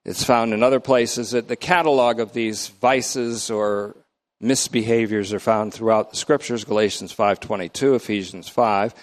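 An older man leading a Bible study in a lecture style, emphatic and slow to define each term, his pitch often swinging up and down. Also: steady tone. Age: middle-aged or older. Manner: emphatic, defines terms slowly word by word.

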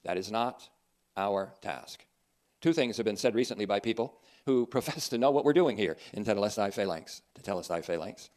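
A man's voice: fairly low pitch, animated, a little fast, darkish tone. A man preaching a sermon in an earnest, emphatic way, with dry asides.

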